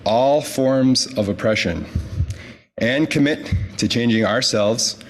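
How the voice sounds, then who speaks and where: Man addressing a congregation from a prepared text, slow and deliberate with emphatic pauses. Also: medium pitch. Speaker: congregation member reading church bylaws. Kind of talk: reading a prepared statement to a congregation.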